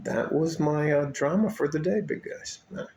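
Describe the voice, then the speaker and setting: A man's voice: a little high, moderate pace, darkish tone. A man from El Paso, talking in a casual, rambling vlog monologue with frequent swearing, restarts and chuckles. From West Texas, El Paso. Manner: profane, laid-back, trailing restarts and chuckles. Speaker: vlogger.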